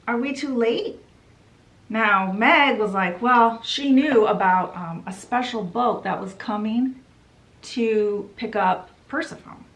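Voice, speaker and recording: A woman's voice: on the high side, low-quality recording. A woman casually retelling a book's plot for her vlog, chatty and full of fillers, getting emotional along the way. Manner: chatty, uses "she's like" and "you know"; gets emotional while retelling. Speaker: book vlogger. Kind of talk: casual book summary retelling.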